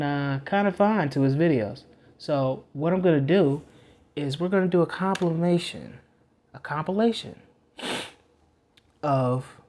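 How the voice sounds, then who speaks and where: A man hosting a reaction video in casual commentary, talking in a slow, hesitant, rambling way. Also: mid-range voice, darkish tone.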